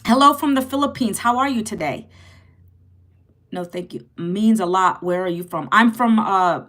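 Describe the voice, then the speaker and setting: A woman's voice: mid-range voice, moderate pace, fairly bright tone. A woman in her forties from Virginia, chatting casually on a phone livestream as she greets viewers by name and reads their comments. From Virginia, United States. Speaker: livestream host.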